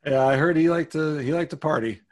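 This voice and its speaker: A man's voice: on the high side, a little fast. A man hosting an interview, prompting with short replies and eager questions. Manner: short encouraging backchannels, eager fan questions. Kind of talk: casual interview.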